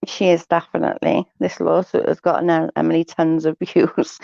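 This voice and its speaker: A woman's voice: low-pitched, little pitch movement, normal speed, gravelly, few pauses, dark tone, no room sound, highs cut off. A woman hosting a casual livestream, reading viewer chat and giving blunt, sarcastic, gossipy opinions.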